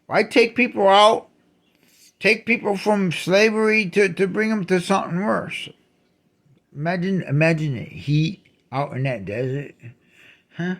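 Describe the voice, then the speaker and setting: Male host, angry solo rant, higher register, gravelly; restarts words, bursts into shouts. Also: unhurried. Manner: indignant, repeats and restarts words, shouts accusations. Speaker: channel host. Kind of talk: ranting monologue.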